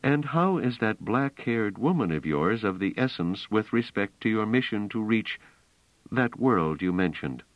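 A man's voice: fairly low pitch, big pitch swings, no echo, voice pushed up. A man doing a proud, touchy superstitious woman. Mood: uneasy. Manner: tense, emphatic, slow deliberate delivery. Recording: slightly dull, dry audiobook recording.

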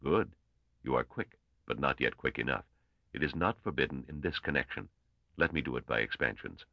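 A man voicing a shrewd, brisk old male mathematician who speaks in clipped, testing commands. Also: extremely low pitch, expressive, gravelly, no echo, muffled recording, full character voice. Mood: demanding.

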